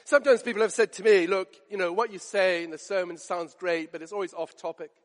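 Male preacher, high voice, earnest and emphatic, long church reverb. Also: steady tone, quick pace. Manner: earnest, emphatic, repeats phrases for effect. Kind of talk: sermon.

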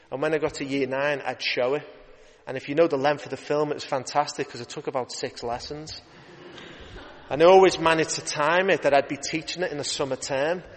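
A man preaching an evening sermon, lively and emphatic, rising in urgency as he drives his points home. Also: on the high side. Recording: long hall reverb.

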